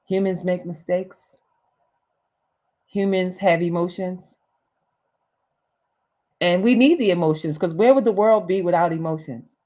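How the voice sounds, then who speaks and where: A woman's voice: lowish voice, dark tone. A woman hosting a livestreamed motivational talk, speaking emphatically, repeating key phrases, with casual slang. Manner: emphatic and repetitive, uses slang. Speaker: host.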